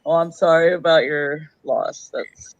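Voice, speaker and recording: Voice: mid-range voice, measured pace. A co-host in casual chat who listens supportively and keeps the replies short. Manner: supportive listener, brief affirmations. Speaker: stream co-host. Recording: dull, lo-fi sound.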